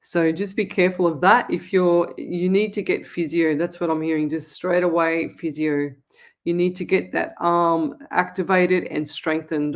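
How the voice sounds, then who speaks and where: Chatty woman giving psychic readings. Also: on the low side. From Australia. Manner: rambling, chatty, many restarts, talks straight to viewers. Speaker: psychic medium host. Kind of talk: live call-in psychic reading show.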